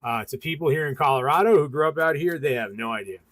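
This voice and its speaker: Relaxed rambling man doing tarot readings. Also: a little high, quick pace, no room sound. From western Massachusetts. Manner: relaxed, rambling, many ums and uhs. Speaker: tarot reader hosting a livestream. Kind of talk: casual livestream tarot reading.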